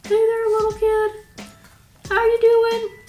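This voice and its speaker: Woman doing a bubbly silly toy man, very high voice, unhurried, roomy sound with music behind. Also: monotone, mellow. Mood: cheerful.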